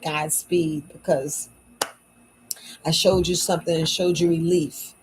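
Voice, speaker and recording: A tired, worn-out woman chatting late at night in a low voice. She talks casually to her viewers as a shop owner, repeating words for emphasis in folksy phrasing. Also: steady tone, measured pace, darkish tone, a little hiss or hum, poor audio. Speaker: herbal shop owner selling wellness patches. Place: at home at night.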